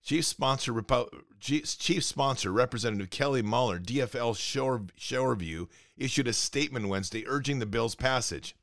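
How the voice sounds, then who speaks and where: An indignant man hosts a political commentary show, reading out news and breaking into sarcastic rants. His voice is bright and forceful, recorded dry and close with no room sound. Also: mid-range voice, moderate pace, few pauses, dry recording. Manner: indignant, sarcastic, reads news items aloud.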